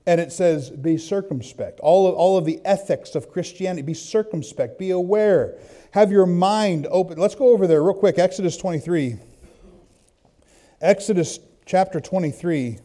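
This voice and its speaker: A man preaching a sermon, telling a story and then reading scripture, swinging from hushed asides to loud bursts. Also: high-pitched, moderate pace. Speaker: pastor.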